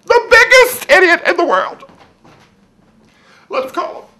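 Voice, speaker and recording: A performer playing Mary, a distraught, whiny trailer-park wife who leaps into high wails and complains crudely in a comic home-tour monologue. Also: lively intonation, unhurried, a bit bright, slight background noise. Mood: whiny, aggrieved. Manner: melodramatic, wailing pitch leaps, self-pitying, crude. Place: indoors at home, house tour. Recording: echoey room.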